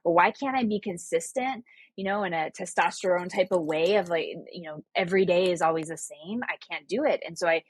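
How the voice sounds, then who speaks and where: Woman guest, lower voice, thoughtful and measured, dry close-mic sound. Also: slightly rough, no echo. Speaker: interview guest. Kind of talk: casual conversational interview.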